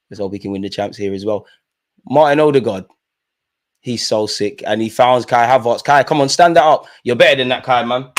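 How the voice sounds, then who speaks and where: A young man hosting a live football watch-along, commentating casually with slang and shouting at the referee. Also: mid-range voice, normal speed.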